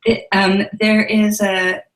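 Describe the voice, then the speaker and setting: A woman moderating a video call webinar, passing on an audience question in a hesitant, halting way. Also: medium pitch, little pitch movement, roomy sound, low-quality recording.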